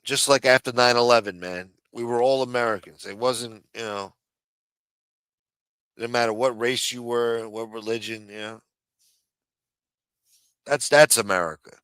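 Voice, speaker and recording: Male stream host, smooth resonant voice, dry close sound, heated and profane. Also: medium pitch, steady tone, unhurried, long pauses, fairly bright tone, no echo. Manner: heated, profane, repetitive, then apologetic. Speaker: livestream host. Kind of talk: profane political rant on a stream.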